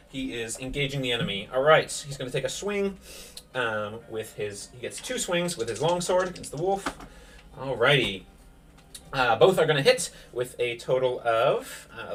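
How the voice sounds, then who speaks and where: A man's voice: mid-range voice, fairly bright tone, recorded from a distance. Man narrating a tabletop game. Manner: vivid play-by-play of rolls and attacks. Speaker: game master.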